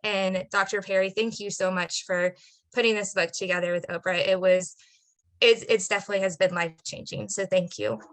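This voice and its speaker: A woman's voice: mid-range voice, steady tone, fairly quick, fairly bright tone, low-quality recording. A woman parent sharing a heartfelt personal testimony on a webinar video call. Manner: heartfelt, earnest. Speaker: parent participant.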